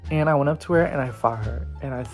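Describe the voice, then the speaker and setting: A man's voice: medium pitch, brisk, vocal fry. A man telling a casual storytime, chatty and full of "like", acting out what others said. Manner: chatty, lots of "like", acts out quotes. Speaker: vlogger. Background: faint background music.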